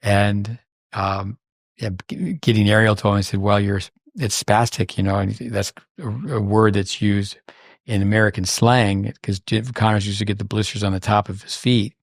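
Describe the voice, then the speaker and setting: Rambling older man, low dry voice. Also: little pitch movement, normal speed, creaky, no echo. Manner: rambling anecdotes with many fillers and restarts. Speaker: podcast host. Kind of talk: casual chat.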